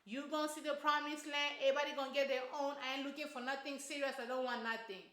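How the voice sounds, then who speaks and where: A woman's voice: high voice, steady tone, quick pace, fairly bright tone, echoey room. A woman voicing a defiant grown woman who talks blunt and bossy. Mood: offhand.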